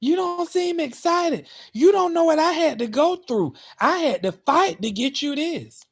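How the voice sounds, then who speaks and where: A woman's voice: animated, unhurried. A man voicing an overexcited female manager who is thrilled about handing out a tiny raise. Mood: gushing. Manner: gushing, high and pushy.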